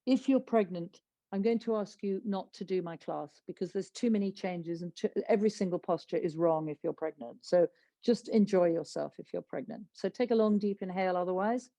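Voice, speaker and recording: A woman teaching a yoga class as a therapist, calmly guiding breathing and body locks, sometimes dropping to a soft whisper. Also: fairly low pitch, no echo. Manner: slow, soothing instructions, drops to soft whispers.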